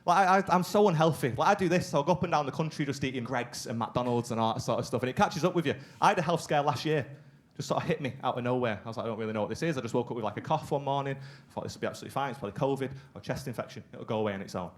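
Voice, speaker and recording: A man's voice: mid-range voice, racing. A young man doing a stand-up comedy set in a theatre, acting out both sides of conversations. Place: theatre stage with live audience. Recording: live theatre recording with audible background noise.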